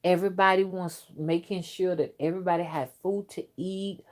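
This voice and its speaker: A woman's voice: on the low side, steady tone, moderate pace, darkish tone. Gum-chewing woman hosting a late-night chat. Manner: chatty, emphatic, talks while chewing gum. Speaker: host of a spiritual channel.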